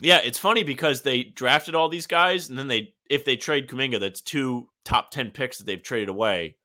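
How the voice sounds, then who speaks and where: A man's voice: mid-range voice, moderate pace, pushed and bright. A young man co-hosting a casual sports podcast, cracking sarcastic, wry jokes. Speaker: podcast co-host.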